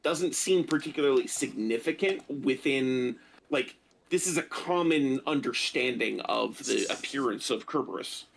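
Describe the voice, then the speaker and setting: Gravelly-voiced man in halting talk. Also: medium pitch. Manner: halting, many fillers. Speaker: discussion participant. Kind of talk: casual live discussion.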